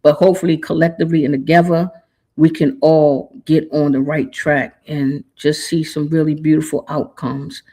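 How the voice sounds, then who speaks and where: A woman's voice: sits low, little pitch movement, moderate pace, mellow. A woman hosts her podcast in a heartfelt monologue, earnest and casual with loose informal slang. She is holding back tears as she speaks. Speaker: podcast host.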